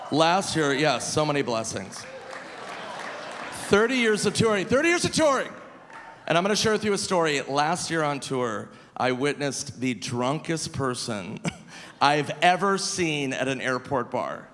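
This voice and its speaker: Animated male stand-up comic, big hall. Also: a little slow, slight background noise. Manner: animated, swings into loud high shouts for punchlines. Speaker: stand-up comedian. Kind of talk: live stand-up comedy. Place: large live comedy venue. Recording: live hall with long reverb, faint crowd ambience.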